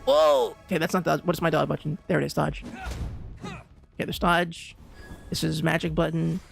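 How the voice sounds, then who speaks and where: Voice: mid-range voice, normal speed, gravelly. A streamer chatting casually during a live game, ranting with lots of restarts and slang. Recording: dry close mic with faint game music.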